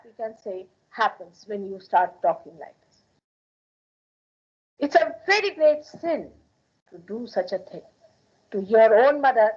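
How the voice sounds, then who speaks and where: A woman's voice: medium pitch, darkish tone, slightly rough. A woman from India with an Indian accent, giving an emphatic public spiritual talk in a hall and repeating phrases for stress. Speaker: spiritual teacher. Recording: dull lo-fi archival 1981 recording.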